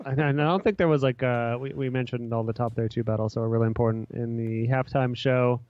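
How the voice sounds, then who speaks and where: A man's voice: medium pitch, fairly even intonation, fast talker, dull audio, a little hiss or hum. A man hosting a casual podcast, talking in a laid-back, rambling, slangy way. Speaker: podcast host.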